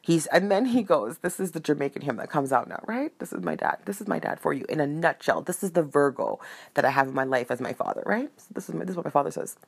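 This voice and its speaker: A woman telling a personal story in a casual, animated way, often asking "right?" and "you know?". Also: sits low, fast, vocal fry, slightly rough. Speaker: storyteller sharing a spiritual anecdote.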